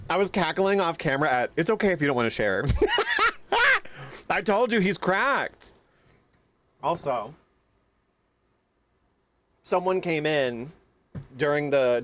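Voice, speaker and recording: A man streaming a game live, chatting casually with loud, excitable outbursts. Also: on the high side, a little slow, long pauses. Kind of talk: casual live-stream chat over gameplay.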